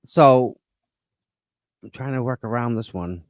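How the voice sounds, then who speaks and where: A laid-back man hosting a live stream, his voice at an ordinary middle pitch. He keeps things casual and teasing, and the sound is dry and close. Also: a little slow, no echo. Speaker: stream host.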